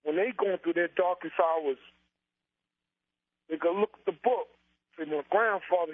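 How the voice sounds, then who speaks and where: A man's voice: high voice, measured pace, pauses often, no room sound, phone-quality sound. A man in his forties, an interview guest talking with emotion and building up his points in repeated, preacher-like runs. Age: 40s. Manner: impassioned, repetitive, preacher-like build-ups. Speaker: interview guest, comedian and author.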